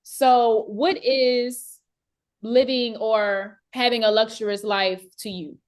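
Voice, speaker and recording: A woman's voice: a little high, fairly even intonation, takes it slowly, clear, resonant tone. A woman hosting a casual conversation, affirming her guest, laughing easily and often restarting her sentences. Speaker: host and business owner.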